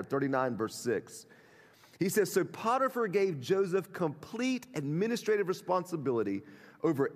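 A man's voice: mid-range voice, big-room sound. A male pastor delivering a sermon in an emphatic, conversational way, speaking straight to his listeners. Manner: emphatic, conversational preaching with direct address. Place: church sanctuary.

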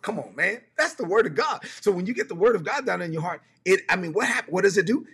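A man's voice: high voice, big pitch swings, fast, hardly any pauses, a bit bright, breathy edge. A man preaching a livestreamed teaching sermon, emphatic and conversational, repeating his key phrases.

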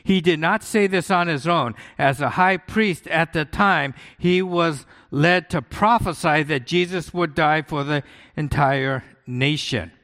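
Preaching in a conversational style, this pastor frequently asks his congregation rhetorical questions. His slightly high voice has a fairly bright tone and a measured pace, ringing with long hall echo.

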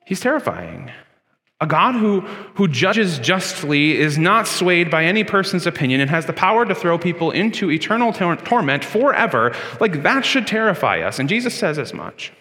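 A man preaching a sermon as pastor in a church, with a conversational manner that swings between loud emphasis and quiet moments. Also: high-pitched, big pitch swings, normal speed, long reverb tail. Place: church sanctuary.

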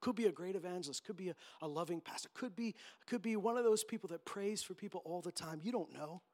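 A man's voice: high-pitched, quick pace. A man preaching a sermon as pastor, emphatic and impassioned, acting out quotes as he goes.

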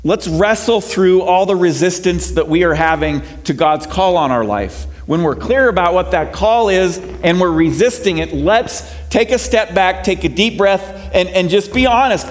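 A middle-aged man preaching a conversational sermon as pastor. He moves between soft, quiet passages and emphatic ones, and often repeats words as he restarts. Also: sits high, expressive, moderate pace, hardly any pauses. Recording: long reverb of a large hall.

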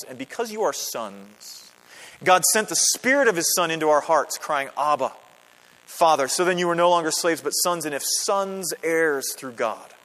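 A pastor with a high-leaning, fairly bright voice preaches to his congregation in a church sanctuary, keeping it conversational with check-in questions. He builds toward emphatic, rising peaks, and the recording carries a church hall's long reverb.

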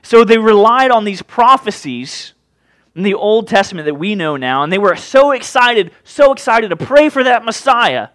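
A male preacher giving a sermon, retelling a scripture story in a casual, joking, animated way. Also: high voice, moderate pace, no room sound.

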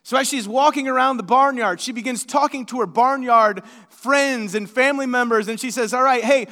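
A man's voice: very high-pitched, moderate pace, pushed and bright, long reverb tail. A man preaching in a church, praying and then telling a story in a folksy, conversational way, often repeating words. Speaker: pastor. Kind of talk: sermon with prayer and storytelling.

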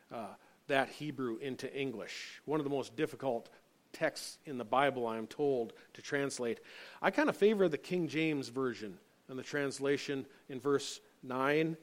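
A male pastor giving an earnest sermon, reading scripture and building to emphatic points with frequent fillers. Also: medium pitch.

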